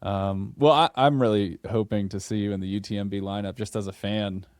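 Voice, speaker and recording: A man hosting a podcast interview, chatting casually and laughing often with a relaxed, filler-heavy way of talking. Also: fairly low pitch, a little fast, dry recording, clean studio sound. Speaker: podcast host.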